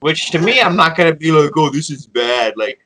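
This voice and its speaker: A man's voice: fairly high pitch, lively intonation, moderate pace, pushed and bright, rough recording. A man co-hosting a casual wrestling review, joking and acting out what people said. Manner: joking, acts out quotes in voices. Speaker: podcast co-host.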